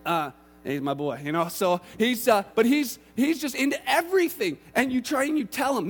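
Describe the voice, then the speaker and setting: A man in his thirties preaching a sermon, telling family stories in an animated, lively way. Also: very high voice, brisk. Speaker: pastor. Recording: long reverb of a large hall.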